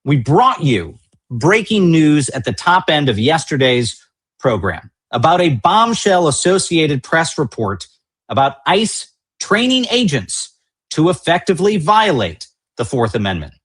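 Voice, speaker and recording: A man's voice: fairly high pitch, very animated, measured pace, a bit bright, breathy edge. Emphatic man hosting news. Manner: indignant, emphatic, repetitive rhetoric. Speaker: news show host. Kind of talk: political news commentary.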